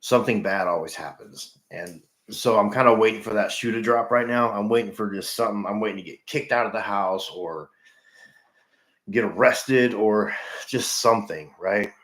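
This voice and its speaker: A middle-aged man with a very low voice talks to his livestream viewers in an earnest, halting way, often trailing off and repeating himself. The room around him is echoey. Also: fairly bright tone. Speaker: livestream host in recovery. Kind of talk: casual livestream chat with viewers.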